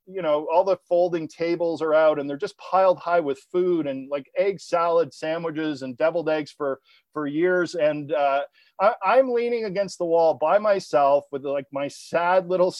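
A man sharing his story of recovery in a personal talk, halting, with many restarts and repeated words. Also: fairly high pitch, a little mellow, no echo. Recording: dull lo-fi recording.

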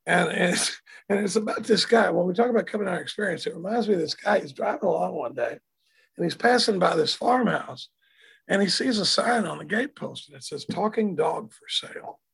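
An older man from Texas with a hoarse voice, telling his recovery story in a rambling, self-deprecating way over a video call from home. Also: high voice, animated, brisk, fairly bright tone. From Dallas, Texas. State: hoarse from throat trouble. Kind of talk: casual storytelling talk. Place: home, indoors.

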